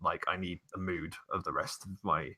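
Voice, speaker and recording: Player man, very low and husky, casual questioning chat. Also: steady tone, normal speed, bright, forceful tone. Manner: questioning, hesitant. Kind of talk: casual tabletop game chat.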